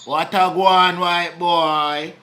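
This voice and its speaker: A young man putting on a fake Jamaican patois accent to tease strangers on a phone video chat, with slow, loud, slangy teasing. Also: high-pitched, little pitch movement, slight background noise, full character voice. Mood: playful. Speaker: prankster vlogger. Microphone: phone on video call.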